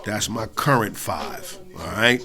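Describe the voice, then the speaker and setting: A middle-aged man from New York State hosting a hip-hop radio show, talking loosely between songs with slang, swearing and shout-outs. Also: fairly low pitch, expressive, slow pace.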